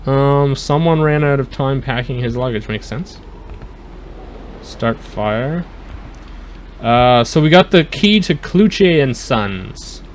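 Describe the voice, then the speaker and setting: A man's voice: mid-range voice, animated, slow, a little hiss or hum. Chatty man commentating a game. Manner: chatty, talks to live chat, jokey mock accents. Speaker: let's play host. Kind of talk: casual gameplay commentary.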